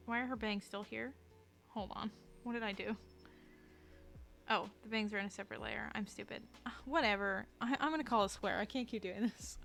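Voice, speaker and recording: Woman streamer yapping while she draws, kinda gravelly, mumbles to herself a lot. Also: medium pitch, a bit bright. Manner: rambling, self-deprecating, frequent fillers and restarts. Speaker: streamer and artist. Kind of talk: casual live-stream chat while drawing.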